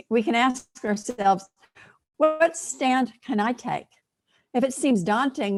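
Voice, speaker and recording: A middle-aged woman minister delivering a sermon, telling stories gently and with humor. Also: mid-range voice. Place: church sanctuary.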